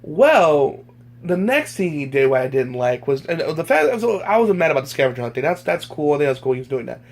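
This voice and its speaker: A man's voice: on the high side, very animated, fairly quick, vocal fry. A young man talking casually to his viewers in a rambling vlog, full of restarts and fillers. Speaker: YouTuber.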